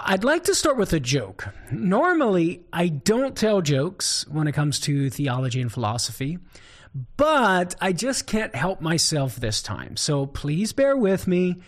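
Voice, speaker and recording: A Cajun man with a slightly high voice hosts a talk show, delivering his commentary in a lively, swooping way. He tells stories with plenty of chuckles and varies his pace. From southern Louisiana. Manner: animated storyteller, chuckles often. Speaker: show host, Catholic apologist.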